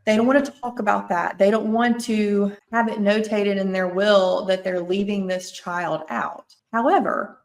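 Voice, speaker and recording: A woman with a Mississippi accent talks in a podcast interview as a lawyer walking listeners through a legal process. Her voice sits at an ordinary middle pitch, and she is earnest and thorough, circling back to stress her points. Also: fairly even intonation, measured pace, few pauses. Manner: earnest, explanatory, restates points. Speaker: estate planning attorney, guest.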